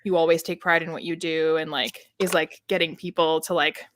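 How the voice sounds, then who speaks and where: A woman's voice: low voice, flat delivery, fairly quick, fairly bright tone, a little hiss or hum. A woman co-hosting a casual live book discussion, rambling with many fillers. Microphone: home streaming setup.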